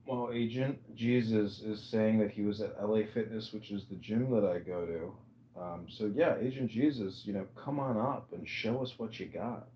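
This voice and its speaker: A man asks questions in a laid-back casual chat. His voice is dark and mellow. The recording sounds roomy. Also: fairly low pitch, moderate pace, slight background noise.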